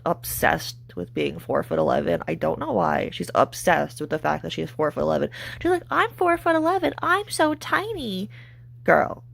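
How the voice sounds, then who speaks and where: A woman delivers a profane, mocking commentary rant with heavy vocal fry. Her voice sits a little low, and her tone stays sarcastic and cutting throughout. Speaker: commentary channel host.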